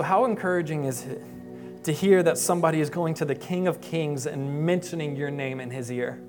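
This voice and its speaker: A young adult man, a pastor, preaching a sermon with storytelling, moving from hushed, quiet passages to emphatic rises. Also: on the high side. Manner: storytelling, voicing quoted people, swings from hushed to emphatic.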